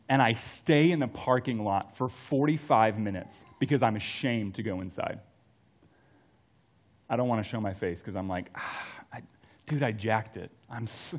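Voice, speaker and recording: A young man preaching in a loose, conversational way, telling personal stories to the congregation. His pitch sits in an ordinary middle range, and he drops to a hushed, soft voice to drive a point home. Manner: casual, storytelling, drops to soft tones for emphasis. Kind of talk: sermon.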